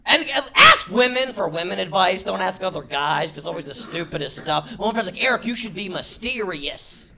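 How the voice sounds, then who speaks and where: A man doing a stand-up comedy set, shouting his punchlines and jumping into squealing character voices. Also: high-pitched, lively intonation, brisk, gravelly, hardly any pauses. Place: comedy club stage before a laughing crowd. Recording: live club recording with crowd noise. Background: audience laughter.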